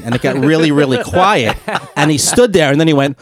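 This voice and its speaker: A male comedian guest telling stories in casual chat, animated and swearing freely, acting out the quotes. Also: fairly high pitch, quick pace, a crowd in the background. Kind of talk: casual storytelling.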